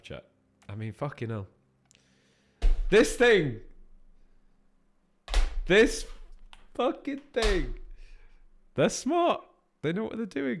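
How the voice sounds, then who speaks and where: A voice actor with a medium-pitched voice plays a game on stream, chatting casually with viewers and swearing freely while answering their questions.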